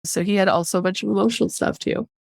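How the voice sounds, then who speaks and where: A woman's voice: mid-range voice, steady tone, fast, creaky, a little mellow, dry recording, clean studio sound. A woman guest on a podcast, a medical intuitive telling a story in a chatty way and acting out the voices in it. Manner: chatty, quotes voices in her stories. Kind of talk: casual storytelling.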